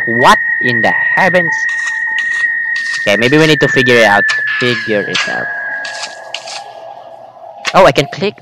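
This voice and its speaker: A man giving jokey, excitable, self-mocking commentary while playing a horror game. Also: mid-range voice, unhurried, long pauses, very noisy. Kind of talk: casual gameplay commentary. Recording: loud game music behind.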